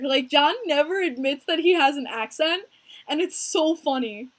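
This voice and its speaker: A young American woman hosting a casual hockey podcast stream, talking in an animated, chatty way and answering viewers by name. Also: high voice, moderate pace. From United States. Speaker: podcast host streaming live with chat.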